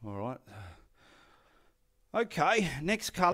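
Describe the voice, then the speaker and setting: A man's voice: medium pitch, animated, normal speed. A middle-aged man with an Australian accent, chatting casually and swearing as he paints and gives directions behind the scenes. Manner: swears freely, jokes and mutters instructions to himself. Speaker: artist.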